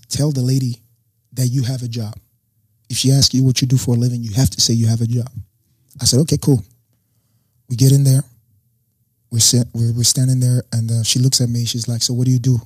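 Young man telling a story, husky voice. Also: medium pitch, no room sound. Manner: animated storyteller acting out quotes. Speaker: guest. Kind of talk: casual storytelling.

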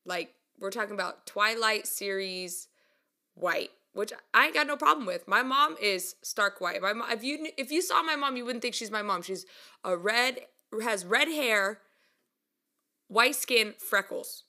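A young woman telling a story casually and mocking herself, laughing often and jumping up in pitch when she acts out quotes. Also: a little slow. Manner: chatty and self-mocking, laughs a lot; animated, voice jumps up when acting out quotes. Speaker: vlogger.

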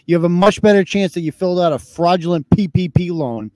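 A man's voice: high-pitched, fast talker, darkish tone, dry recording. Blunt, profane man hosting a podcast. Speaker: podcast host. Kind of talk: casual commentary on viral videos.

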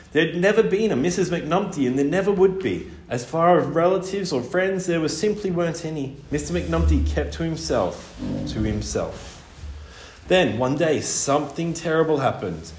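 A man reading a children's story aloud, animated, with wide swings in pitch and loudness. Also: a little hiss or hum. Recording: echoey room with faint ambience.

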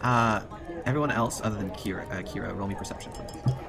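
A man narrating a tabletop game as game master, quickly and with many fillers. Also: lowish voice, vocal fry, a bit bright, soft background music.

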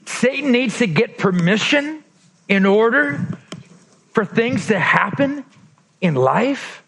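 A male pastor preaching a sermon, acting out quoted lines with lively swings between emphatic and soft, intimate tones. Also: very high voice, slow, gravelly, breathy edge. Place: church.

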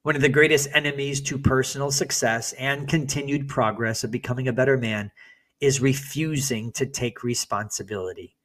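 A man's voice: medium pitch, fairly even intonation, moderate pace, fairly bright tone. Earnest man giving a motivational talk. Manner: earnest, emphatic, with hesitant restarts. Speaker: motivational speaker for men.

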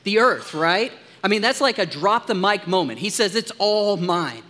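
A man preaching as a pastor, upbeat and joking with the congregation, dropping to a hushed tone in prayer. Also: high voice, lively intonation, normal speed, big-room sound. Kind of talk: sermon. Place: church sanctuary.

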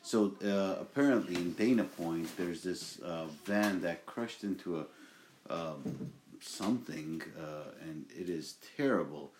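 A man's voice: sits low, unhurried, darkish tone, slight background noise. A young man hosting a casual home podcast, rambling with fillers and restarts. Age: young adult. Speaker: podcast host.

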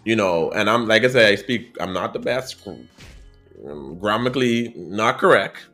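A man with a Bahamian accent, hosting a podcast in a chatty, expressive monologue that speaks straight to his listeners. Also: on the low side, unhurried, soft background music. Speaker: podcast host.

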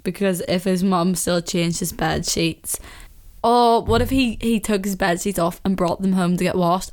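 A young woman from Northern Ireland with a Northern Irish accent, chatting casually and with strong opinions, laughing often and sometimes dropping into a whisper. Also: fairly low pitch. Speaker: vlogger. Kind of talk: casual chat.

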